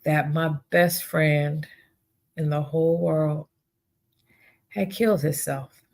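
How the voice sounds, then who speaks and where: A woman with a low voice hosts a solo podcast. She speaks slowly and earnestly, and she pleads with her listeners, often repeating herself. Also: fairly even intonation, a little mellow. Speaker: podcast host. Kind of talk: heartfelt solo podcast talk.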